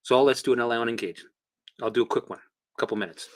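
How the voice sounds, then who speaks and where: A man hosting a casual livestream, coaching viewers through exercises in an animated, chatty way with the odd swear word. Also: mid-range voice, quick pace. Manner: guides listeners through exercises. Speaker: host and recovery coach.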